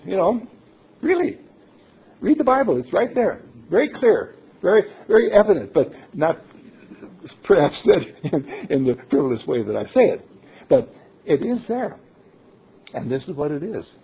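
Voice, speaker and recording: Husky, animated man preaching. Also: high voice, moderate pace, long pauses. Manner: playful, animated, laughing often. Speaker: minister. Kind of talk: sermon. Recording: dull lo-fi recording.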